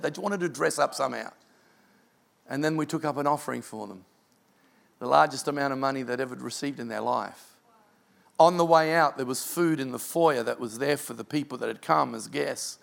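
A man's voice: fairly high pitch, vocal fry, fairly bright tone. A male pastor preaching a sermon and telling an emotional story in an earnest way.

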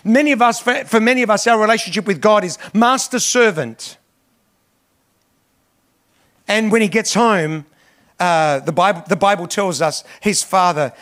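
A man's voice: high-pitched, a bit bright. A man preaching as a pastor, with rising emphasis, then telling a long illustrative story. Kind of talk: sermon.

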